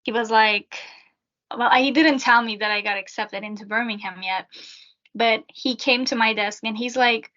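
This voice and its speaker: A young woman with a bright, high-ish voice talks in a casual, chatty way and fills her sentences with ums and likes. She answers interview questions as a student peer helper. The recording sounds dull and lo-fi. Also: fairly even intonation, normal speed. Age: young adult. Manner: chatty with many fillers.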